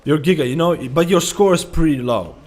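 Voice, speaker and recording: A man's voice: on the high side, a little fast, a little mellow. Rambling casual gamer guy. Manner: rambling, repetitive, profane, full of "dude" and "man". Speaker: livestreamer. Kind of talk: casual gaming commentary.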